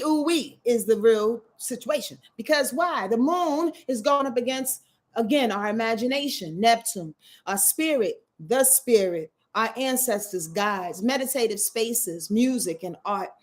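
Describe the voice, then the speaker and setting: A woman with a fairly high voice hosts a casual astrology livestream. She is loose and slangy, breaks into laughs, and clears her throat now and then. She mentions that her back is sore. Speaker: astrology channel host.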